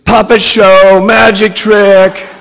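A man reading a story aloud, voicing a wild young woman who shrieks a chant in high, loud, drawn-out squeals, with a long reverb on the recording. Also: level tone, creaky, full character voice. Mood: shrill. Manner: shrill squealing, drawn-out shouts.

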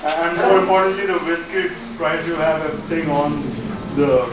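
A man's voice: fairly high pitch, fairly even intonation, normal speed, crowd noise. A man, a workshop co-speaker making brief, matter-of-fact remarks. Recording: echoey hall from far off, noisy.

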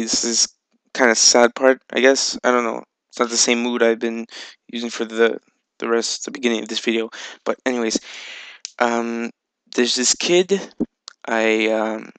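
A man chats loosely over his game footage, full of ums and easy swearing. His voice has a gravelly edge but stays smooth and clear. It sounds close and dry, with no room around it. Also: medium pitch, a bit bright, dry recording, rough recording. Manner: rambling, filler-heavy, swears casually. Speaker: video game channel host. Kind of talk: casual gameplay vlog chat.

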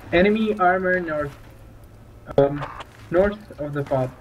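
Higher-voiced hesitant male squadmate. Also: takes it slowly, muffled recording, a little hiss or hum. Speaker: squad member in a game. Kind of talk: squad voice chat callouts.

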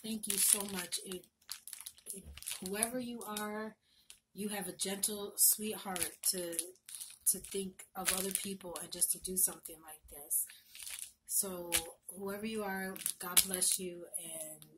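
A woman's voice: medium pitch, fairly even intonation, unhurried, heavy background noise. A woman vlogger at home, chatting casually and gushing with emotion as she opens mail, often repeating herself. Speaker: crafting vlogger. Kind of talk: casual unboxing chat.

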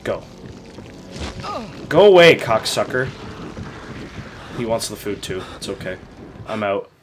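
Excitable, foul-mouthed male gamer. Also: on the low side, takes it slowly, a little hiss or hum. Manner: excitable, constant swearing, loud outbursts. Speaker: gamer playing through a game. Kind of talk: casual let's play commentary.

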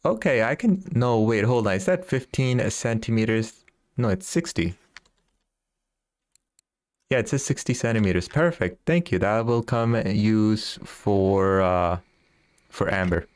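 A man's voice: fairly low pitch, lively intonation, a little slow, dry recording. Chatty man streaming a fishing game. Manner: chatty, laughs often, reads viewer messages aloud. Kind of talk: casual live-stream chat.

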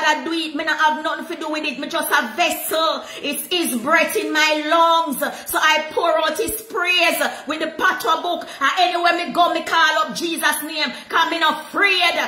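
A Jamaican woman pastor preaching a sermon, slipping into patois with animated delivery. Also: sits high, roomy sound, low-quality recording.

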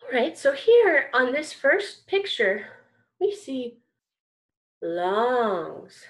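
High singsong kindergarten music teacher, woman. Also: very animated, drawn-out words. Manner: bright, encouraging, singsong teacher voice. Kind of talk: online music lesson for young children.

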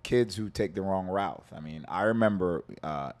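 A man's voice: low voice, moderate pace. A man from Jamaica, a podcast guest, telling stories in a laid-back casual chat and swearing freely.

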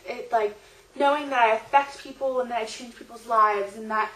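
A young woman vlogger excitedly telling a personal story in casual chat, full of "like" and gushing asides. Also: fairly high pitch, normal speed. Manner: gushing, excitable, heavy use of "like". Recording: roomy echo.

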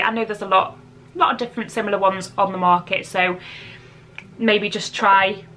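Woman, chatty beauty vlog at home, bright forceful voice, fairly high, giggly, faint room hiss. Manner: chatty, giggly, self-deprecating. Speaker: beauty vlogger. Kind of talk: casual product chat to camera. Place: at home, seated indoors.

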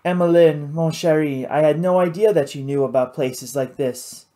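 A reader voicing an arrogant, well-dressed Creole man in his forties who speaks with smooth, mocking disdain. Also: medium pitch, normal speed, warm tone, lightly acted. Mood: condescending.

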